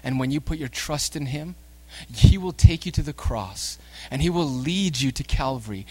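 A male preacher delivering a sermon at an everyday pitch. He drops into soft, slow stretches, then builds to loud, emphatic bursts as he calls the listeners sinners and urges them on.

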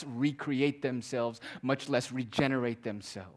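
A man preaching a sermon as pastor, swinging from loud emphatic declarations to hushed, quiet tones. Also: medium pitch, moderate pace.

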